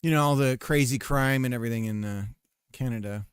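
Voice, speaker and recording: A man's voice: medium pitch, fairly quick, clear, resonant tone, dry recording, studio quality. A man streaming, chatting casually and muttering to himself as he works on a game. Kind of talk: casual chat while working on a game.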